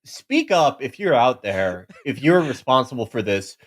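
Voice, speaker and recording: A man of middling pitch co-hosting a comedy podcast, with a voice that rises and falls a lot. He jokes in an animated way and slips into mocking impressions. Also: a little slow. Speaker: podcast co-host. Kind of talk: casual comedic chat.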